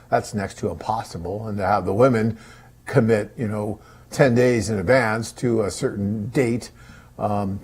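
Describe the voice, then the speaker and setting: A middle-aged man with a husky voice hosts a live online Q&A, reading out viewer questions and answering them. He sounds chatty and reassuring, keeps his pitch in a middle range, and uses lots of casual fillers. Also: a little mellow. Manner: chatty, upbeat and reassuring, with many "you know" fillers.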